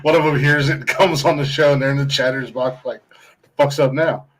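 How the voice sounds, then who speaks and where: A man's voice: medium pitch, fairly even intonation, quick pace, fairly bright tone, a little hiss or hum, poor audio. Crude laughing podcast host, man. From Ohio. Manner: rambling, crude, laughs often. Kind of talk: casual chat.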